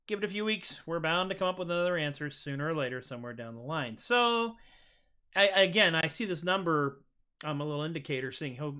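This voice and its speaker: A man's voice: a little high, pushed and bright. Rambling self-deprecating male livestream host. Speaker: singer-songwriter host. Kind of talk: casual livestream chat between songs. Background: guitar strumming.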